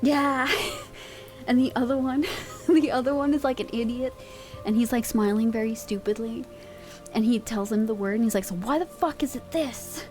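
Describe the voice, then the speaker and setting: A woman's voice: a little high, little pitch movement, moderate pace, long pauses, a little mellow, faint music behind. A woman streamer chatting casually with her live chat, giggly and swearing freely, at a desk microphone at home.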